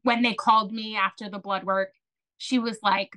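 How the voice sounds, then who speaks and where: Bright, chatty woman podcast guest. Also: mid-range voice, moderate pace. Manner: chatty and animated, with many fillers and restarts. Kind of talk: casual storytelling.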